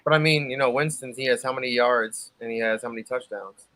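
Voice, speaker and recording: A man's voice: medium pitch, fast talker, sharp tone. A man co-hosting a podcast, speaking hesitantly with many fillers in casual chat. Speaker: podcast co-host.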